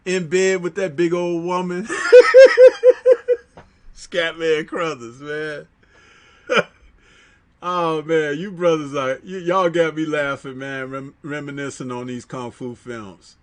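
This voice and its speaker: A man's voice: a little high, fairly even intonation, measured pace, a bit bright. A man hosting a livestream, reading chat aloud and reminiscing in slangy casual talk, laughing often.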